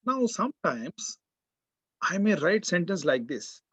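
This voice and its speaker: A man's voice: sits high, big pitch swings, unhurried, a bit bright, husky. A man with an Indian English accent giving a college grammar lecture, repeating key words and quizzing the class. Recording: dull, muffled lo-fi sound.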